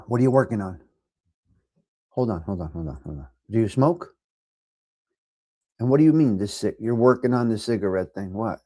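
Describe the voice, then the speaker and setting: A middle-aged man with a New York accent hosting a casual live chat, giving blunt, profane tough love to viewers and swinging from low mutters to loud outbursts. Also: animated, moderate pace, pauses often, no echo, clean studio sound. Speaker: livestream host reading chat.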